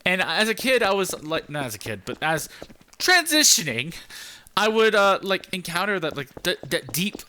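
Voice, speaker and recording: High, bright-voiced young man rambling. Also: big pitch swings, clean tone. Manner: keeps his voice deliberately high; rambling, many "like" fillers. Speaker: game channel host. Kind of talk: casual gameplay commentary.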